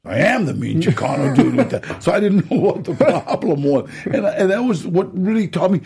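Middle-aged guy, gravelly husky voice, swoops up and down a lot, acts out the quotes in his stories. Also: high-pitched, moderate pace. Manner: animated storyteller, acts out quotes and laughs. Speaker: actor guest. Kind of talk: storytelling interview.

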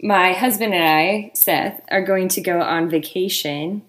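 A woman's voice: on the low side, fairly even intonation, measured pace, fairly bright tone. Chatty midwestern woman podcast co-host. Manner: chatty, laughs often, mimics voices. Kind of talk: casual chat.

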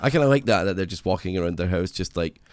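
A young man with a Scottish accent chats in a fairly low voice, wandering through his points and dropping swear words with ease. The sound is dry and close, with no room around it. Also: animated, fast, clear, resonant tone, no room sound. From Scotland. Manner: rambling, swears freely. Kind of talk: casual chat.

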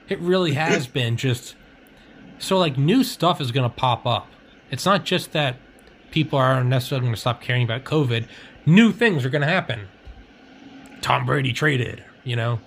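A man's voice: mid-range voice, slight background noise. A young man hosting a podcast in casual chat, rambling and swearing, laughing often. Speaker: podcast host.

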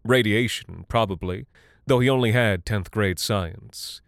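A man narrating a dark literary story in a measured, deadpan way. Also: lowish voice, creaky, dry recording, studio quality.

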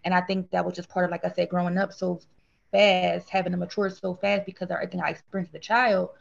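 Woman guest rambling earnestly, gravelly voice, kinda muffled lo-fi audio. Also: lowish voice, fast. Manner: earnest, rambling, animated when quoting others. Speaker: guest sharing grief story. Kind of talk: emotional conversational interview.

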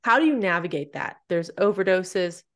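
A woman hosting a podcast, asking a question in a halting way as she searches for words. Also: lowish voice, expressive, fairly bright tone. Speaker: podcast host. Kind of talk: interview questions.

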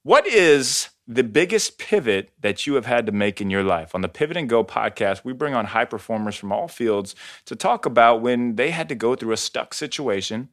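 A man's voice: fairly low pitch, a bit bright. A man hosting a podcast, talking in an upbeat, effusive way. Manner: enthusiastic, effusive. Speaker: podcast host.

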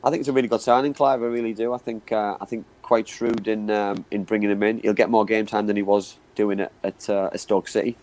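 A man's voice: fairly low pitch, flat delivery, brisk, few pauses, darkish tone, low-quality recording. A man giving football analysis on a live chat show, often repeating words and saying "you know what I mean". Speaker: football pundit.

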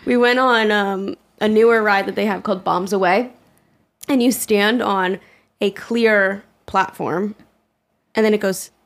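A woman's voice: medium pitch, fairly even intonation, measured pace. A woman in her twenties co-hosting a podcast in casual chat, talkative, swearing freely and laughing often as she acts out quotes. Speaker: podcast co-host.

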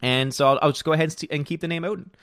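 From his room at home, a man hosts a movie channel livestream, reading out viewer comments in a rapid-fire, slightly high, somewhat bright voice. His replies are opinionated and rambling, and he repeats words. The recording is dry and studio quality.

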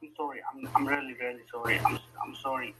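A man, speaking halting, broken as an upset caller on a voice chat. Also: medium pitch, level tone, noisy background. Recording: tinny voice-chat line.

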